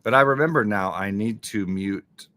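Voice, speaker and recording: A man hosting a casual live stream, reading chat and thanking viewers in an excitable way. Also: fairly low pitch, normal speed.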